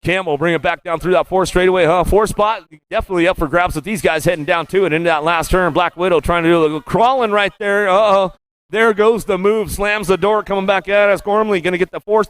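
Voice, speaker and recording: Rapid-fire rhythmic male race announcer. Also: sits high, a bit bright, smooth. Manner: rapid rhythmic play-by-play, repeating stock phrases. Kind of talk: live race commentary. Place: BMX track announcer booth.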